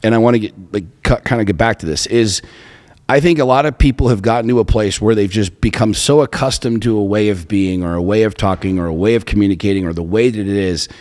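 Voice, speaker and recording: A man's voice: fairly low pitch, quick pace, darkish tone. A man co-hosting a relationship podcast, talking bluntly and emphatically with plenty of profanity. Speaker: podcast co-host. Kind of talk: casual chat. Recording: long hall reverb.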